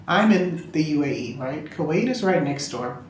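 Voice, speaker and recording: A woman's voice: sits low, expressive, moderate pace, slight background noise. A woman reviewing a fragrance in casual chat, a gushing and chatty storyteller talking from a room at home. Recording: roomy room echo.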